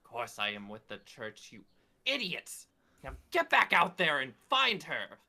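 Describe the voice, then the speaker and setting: A man's voice: mid-range voice, big pitch swings, measured pace, pushed and bright, voice pushed up, exaggerated voice. A man voicing a haughty, pompous church noble who scolds commoners in a tabletop game. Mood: scornful. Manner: pompous, imperious, insulting.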